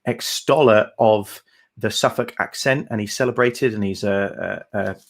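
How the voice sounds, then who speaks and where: A man's voice: on the low side, unhurried. Chatty rambling man hosting a livestream. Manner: chatty, rambling, hesitant with many fillers. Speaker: co-host of a folk song livestream. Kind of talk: casual livestream chat.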